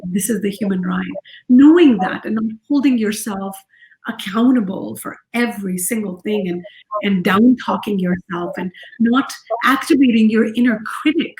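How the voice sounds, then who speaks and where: A middle-aged woman, a parenting expert, explaining her ideas calmly and gently in an interview, repeating her key phrases. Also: on the high side. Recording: echoey room.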